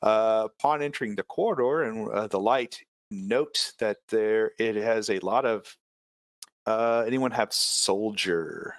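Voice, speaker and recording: A man's voice: on the low side, unhurried, dry recording. A man narrating a tabletop game as game master, hesitant and full of filler sounds.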